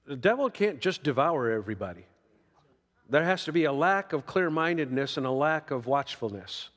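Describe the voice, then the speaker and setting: A man's voice: a little high, big pitch swings, moderate pace, a bit bright, long reverb tail. A man preaching a sermon in a folksy way, reading scripture and acting out quoted voices. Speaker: pastor.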